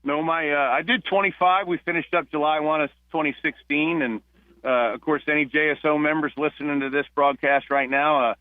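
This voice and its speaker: A man from New Jersey, a retired police officer, telling stories as a guest on a phone-in radio interview, with halting restarts. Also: on the high side, fairly even intonation, dry recording. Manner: warm storyteller, halting restarts. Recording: tinny phone line.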